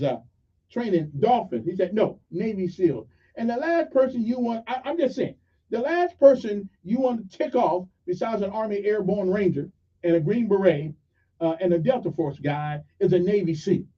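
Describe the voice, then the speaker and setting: Folksy radio host, high voice. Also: male voice, lively intonation, normal speed. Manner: rambling, folksy storytelling. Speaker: radio talk show host. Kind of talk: call-in talk radio. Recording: dull lo-fi radio sound.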